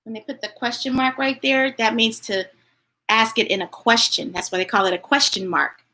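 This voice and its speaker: Storytime lady, high sparkly voice, slow and playful, chatty with the kids. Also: rough recording. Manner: animated and playful, talks to children and reads chat messages; laughs easily and gets emotional. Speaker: children's storytime host. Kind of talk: live read-aloud storytime chat.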